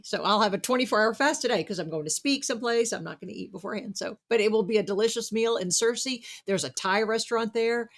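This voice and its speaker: A woman hosting a podcast, chatting casually and retelling a book with enthusiasm. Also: mid-range voice. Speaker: podcast host. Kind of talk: casual conversational interview.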